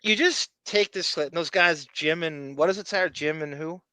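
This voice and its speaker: A man's voice: a little high, moderate pace, sharp tone, dry recording. A man co-hosting a podcast, talking in a blunt, rambling, profane casual way. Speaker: podcast co-host.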